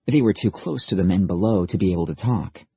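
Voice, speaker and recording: Male audiobook narrator, low and husky, steady measured read, dry dull recording. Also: no room sound. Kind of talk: scripted narration.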